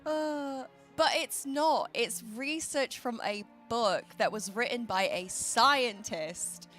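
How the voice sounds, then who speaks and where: A woman's voice: fairly high pitch, slow, fairly bright tone, soft background music. A young woman with a Welsh accent, chatting playfully as a livestream co-host. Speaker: stream co-host. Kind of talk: casual livestream chat.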